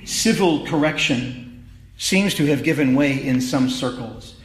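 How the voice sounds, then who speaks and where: A man's voice: medium pitch, measured pace, roomy sound, low-quality recording. A man preaching a sermon in a conversational, wry way that builds to emphatic peaks. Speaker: pastor.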